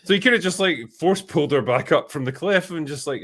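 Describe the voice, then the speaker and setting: A man's voice: fairly high pitch, expressive, fairly quick, fairly bright tone. Exasperated sweary man in casual chat. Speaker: host.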